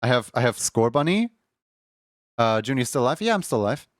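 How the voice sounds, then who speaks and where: A man's voice: medium pitch, very animated, brisk, no echo, clean studio sound. A young man streaming at home in casual chat, rambling with lots of filler words and frequent laughs. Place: home room.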